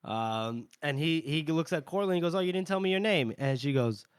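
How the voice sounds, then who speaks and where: Clear and resonant, pitched on the high side and animated, this male podcast co-host recaps a book's chapters in relaxed conversation. He acts out scenes with short mock character lines and laughs a lot. The recording is dry and studio-clean.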